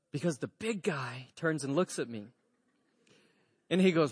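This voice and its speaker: A man's voice: sits high, a little fast. A man preaching a storytelling sermon as pastor, acting out the dialogue in his story. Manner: animated storyteller, acts out dialogue. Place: church sanctuary. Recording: reverberant church hall.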